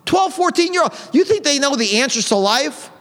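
A middle-aged male pastor delivers a fiery, blunt sermon, scolding his congregation and firing off rhetorical questions. His voice sits high for a man. A long reverb trails his words through the church sanctuary. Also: animated, normal speed, fairly bright tone.

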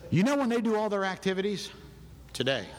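A man preaching a sermon in a church, animated and loud, acting out people's excuses in his own voice. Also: sits high, brisk. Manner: animated, shouting, acts out other people's excuses. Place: church sanctuary. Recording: long hall reverb in a church.

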